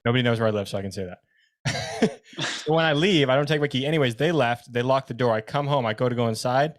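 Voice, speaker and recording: A young man co-hosting a relaxed podcast, tossing in quick, slangy reactions and the odd swear. He talks at a brisk clip, in an everyday mid-range voice. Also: mid-range voice. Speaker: podcast co-host. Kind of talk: casual chat.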